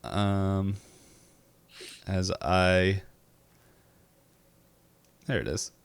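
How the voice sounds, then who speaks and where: A man's voice: deep voice, very slow, clean tone. A man running a tabletop game, chatting casually with his players and acting out quotes as he tells stories. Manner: animated storyteller, acts out quotes. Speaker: game master.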